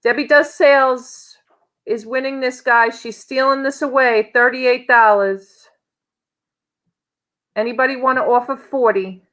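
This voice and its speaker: Southern woman auctioneer, high and unhurried, upbeat bid calling. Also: fairly even intonation, fairly bright tone, low-quality recording. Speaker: auctioneer co-host. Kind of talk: live online auction calling.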